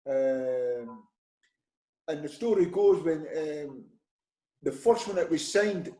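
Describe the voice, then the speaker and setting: A middle-aged Scottish man spins lively anecdotes, slipping into the voices of people he quotes. His voice sits a little high but sounds dark and mellow. The room around him lends a noticeable echo. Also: takes it slowly. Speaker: former football manager, guest. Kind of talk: conversational storytelling. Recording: roomy echo.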